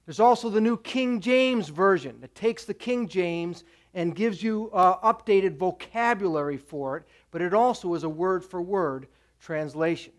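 A man's voice: sits high, unhurried. A man preaching a sermon as pastor to his church, direct and exhorting, pressing his points with repeated commands.

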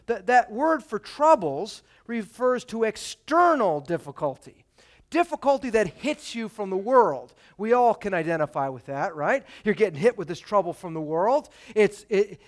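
A male pastor with a voice that sits high preaches a sermon and reads scripture dramatically. He swings between loud, emphatic peaks and quiet, dropped phrases.

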